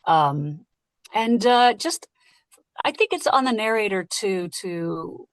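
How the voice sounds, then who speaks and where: A woman who narrates audiobooks, talking casually and lively in an interview and laughing easily. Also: medium pitch, no echo. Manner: lively, chatty, quick to laugh.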